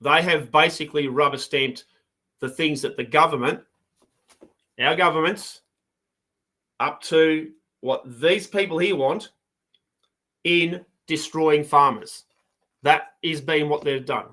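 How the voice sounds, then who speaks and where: A man's voice: fairly high pitch, slow pace, long pauses, pushed and bright. A middle-aged man with an Australian accent, a farm advocate giving fired-up, combative commentary on a live broadcast.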